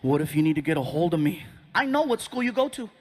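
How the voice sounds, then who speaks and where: A man voicing a sulky teenage boy who answers in flat, grudging words and whines when he wants something. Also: on the high side, fast, slightly rough, voice pushed down. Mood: stubborn. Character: sulky teenage boy, a one-word talker.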